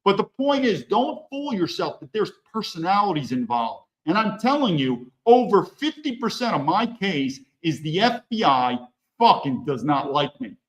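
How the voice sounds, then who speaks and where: Male podcast guest with a high, animated delivery and a blunt, profane edge. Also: moderate pace, low-quality recording. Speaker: podcast guest, former federal agent. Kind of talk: animated conversational storytelling.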